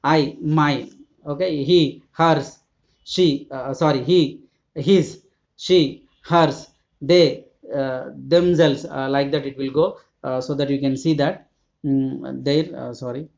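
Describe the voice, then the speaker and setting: A man's voice: medium pitch, fairly even intonation, slow pace, creaky, a little mellow. A male school teacher, giving a grammar lesson in a hesitant way, full of "uh" fillers and repeated word lists. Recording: dull lo-fi recording.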